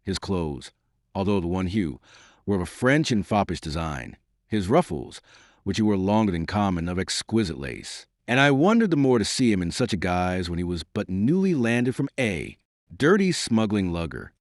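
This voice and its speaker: A man reading an audiobook in a measured, formal storytelling manner. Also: deep voice, big pitch swings, dry recording, studio quality. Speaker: audiobook narrator. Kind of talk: scripted audiobook narration.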